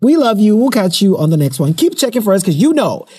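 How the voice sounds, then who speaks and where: Guy hosting a podcast, mellow husky tone, chatty and playful, shameless plugs. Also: high-pitched, sing-song, quick pace. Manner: chatty, playful, self-promoting. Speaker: podcast host. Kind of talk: casual podcast chat.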